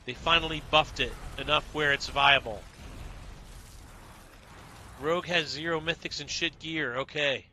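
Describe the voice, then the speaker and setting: A man's voice: fairly high pitch, fairly even intonation, unhurried, pauses often, pushed and bright, a little hiss or hum. A man streaming a video game, chatting casually and greeting viewers by name. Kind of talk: casual livestream chat while playing.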